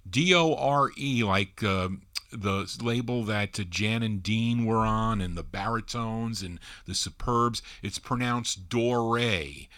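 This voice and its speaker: Male radio DJ, crisp bright tone, chatty, explains records to listeners. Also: on the low side, slow pace. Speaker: radio DJ host. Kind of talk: oldies radio DJ patter.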